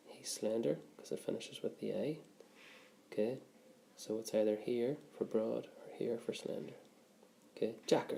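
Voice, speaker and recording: A man's voice: on the low side, creaky, warm tone, slight background noise. A man who teaches a grammar lesson patiently, step by step, often checking in with "okay". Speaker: Irish language teacher.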